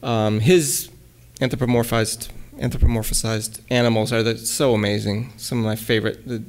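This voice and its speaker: A man giving a relaxed lecture at a college, hesitating often with ums and restarts and reading his own poems aloud. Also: mid-range voice, normal speed. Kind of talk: casual lecture with poem readings.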